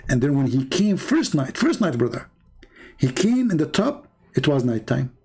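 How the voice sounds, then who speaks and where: A man's voice: medium pitch, sing-song, moderate pace, darkish tone, husky. A man hosting a call-in debate, arguing hard, talking over the caller and mocking him sarcastically. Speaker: host. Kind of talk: argumentative call-in debate and commentary.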